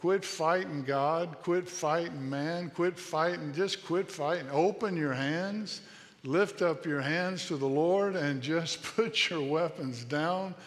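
Earnest fifty-something preacher in a reverberant hall. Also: male voice, fairly high pitch, slow pace. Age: 50s. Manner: earnest, repetitive exhortation with restarts. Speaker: pastor. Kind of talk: sermon.

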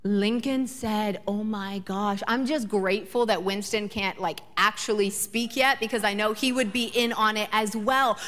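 A woman's voice: mid-range voice, normal speed, hardly any pauses, a bit bright. A woman in her thirties preaching a sermon, building emphatic repeated lines and shifting into chatty stories about her children. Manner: emphatic repetition, rising passion. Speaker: pastor. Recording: long reverb of a large hall.

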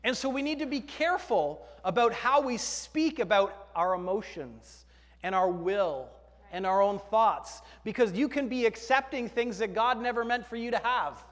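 A man's voice: sits high, lively intonation, normal speed, big-room sound. A man preaching a sermon to his congregation in a conversational way, joking with the people in the pews. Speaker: pastor. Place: church sanctuary.

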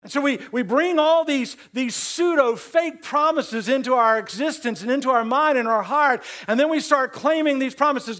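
A male pastor delivers a sermon in a conversational style. His voice sits high for a man, and he doubles back on words to press his points. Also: normal speed, few pauses, fairly bright tone. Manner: conversational preaching with emphatic repeats.

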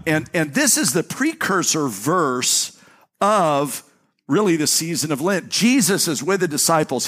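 A man preaches to his congregation in a church, speaking plainly and conversationally. He often restarts a phrase or repeats a word before moving on, and his pitch climbs when he reads scripture out loud. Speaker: pastor. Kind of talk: sermon with scripture reading. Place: church sanctuary.

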